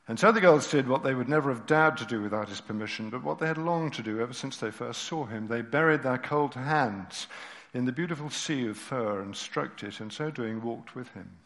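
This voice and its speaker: A male preacher reading a story and expounding scripture, his medium voice swelling and falling to near hush. The long reverb of a church hall trails every phrase. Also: medium pitch, brisk. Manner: expressive, dropping to near-whispers at moving moments. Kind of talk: sermon with read story.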